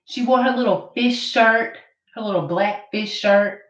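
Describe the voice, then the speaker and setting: A woman vlogger with a medium-pitched voice, speaking a little slowly, rants to camera in an accusing, mocking tone and repeats her points. The camera audio sounds roomy, distant and dull.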